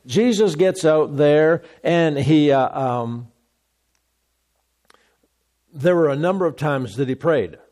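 A man preaches a sermon in a fairly high voice. He presses his points by repeating phrases and often restarts mid-sentence. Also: warm tone.

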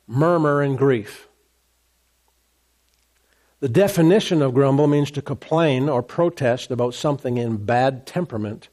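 A man preaching a sermon as a pastor, animated, acting out complaining voices along the way. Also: on the high side.

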